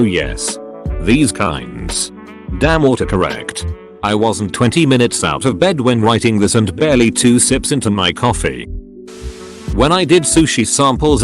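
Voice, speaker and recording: A man narrating online forum posts, reading every typo and edit note just as written. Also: lowish voice.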